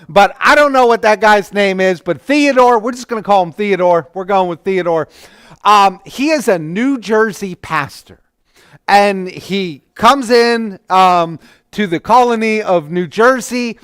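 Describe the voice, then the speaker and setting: High-voiced man teaching a slow church class. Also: a bit bright, clean tone, no room sound, clean studio sound. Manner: conversational, with stammered restarts. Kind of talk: adult church class lecture.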